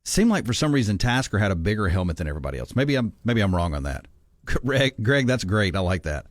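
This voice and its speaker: A man's voice: lowish voice, very animated, a little fast, dry recording, studio quality. A man hosting a sports talk radio show, giving his picks and reading listener texts in an opinionated, chatty way. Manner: opinionated, reads texts and calls aloud.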